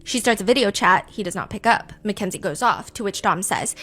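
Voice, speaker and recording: A woman's voice: mid-range voice, expressive, a little fast, few pauses, fairly bright tone, soft background music. A woman hosting a true crime podcast, telling the story in an emphatic, chatty way full of asides. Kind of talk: casual storytelling narration.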